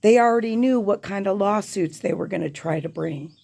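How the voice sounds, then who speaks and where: Gravelly, husky woman ranting urgently. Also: medium pitch, fairly quick, a little mellow. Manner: profane, urgent, emphatic. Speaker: podcast host. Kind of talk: impassioned political rant.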